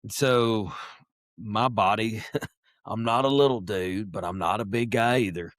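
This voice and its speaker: A man telling a hunting story as a podcast guest, animated and lively, acting out voices and clearing his throat often. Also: lowish voice, a little slow, no echo, studio quality. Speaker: podcast guest, wildlife biologist. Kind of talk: casual storytelling.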